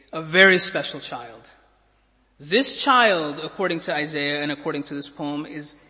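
A man's voice: sits high, bright, forceful tone, long reverb tail. A man preaching a sermon as pastor, telling a story vividly and repeating words as he builds his points.

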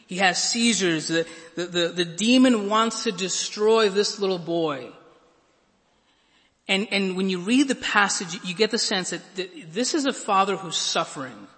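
A man's voice: high-pitched, bright, forceful tone. A man preaching a sermon, earnest and stammering into repeated words, then rising to emphatic peaks. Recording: long reverb of a large hall.

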